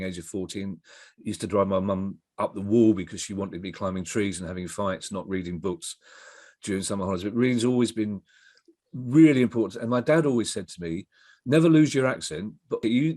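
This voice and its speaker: A man's voice: low voice, darkish tone, dry recording, clean studio sound. A middle-aged man, a comedy writer chatting as a guest, telling stories in a rambling way and often restarting his sentences. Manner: rambling anecdotal storyteller, self-interrupting. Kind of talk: casual interview chat.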